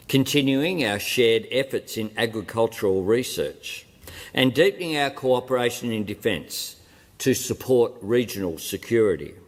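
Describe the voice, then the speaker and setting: A lower-voiced Australian man addresses a parliament chamber with a formal, carefully paced speech. He breaks his sentences into short, deliberate phrases. The large hall leaves a long reverb trailing behind each line. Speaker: head of government addressing parliament.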